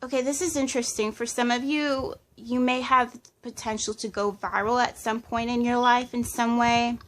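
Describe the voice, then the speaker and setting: A woman's voice: fairly high pitch, fairly even intonation, moderate pace. A woman giving a pick-a-card tarot reading in a casual, hesitant way, listing impressions with many fillers. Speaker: tarot reader.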